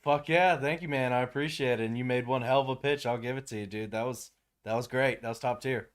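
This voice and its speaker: A young man hosting a live gaming stream, chatting casually, animated and swearing freely. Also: medium pitch, brisk. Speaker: livestream host.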